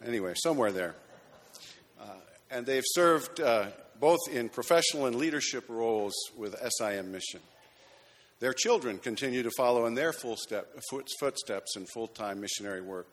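A man's voice: medium pitch, expressive, moderate pace. A man, a pastor, making chatty, lightly joking announcements and honoring people in a church sanctuary. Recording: long reverb of a church hall.

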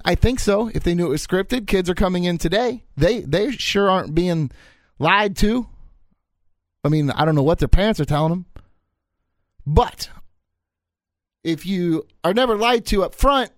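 Guy in his 30s ranting solo on his podcast, higher voice, dry close sound. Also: moderate pace, pauses often, no echo. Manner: animated, rambling, repeats points for effect. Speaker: podcast host.

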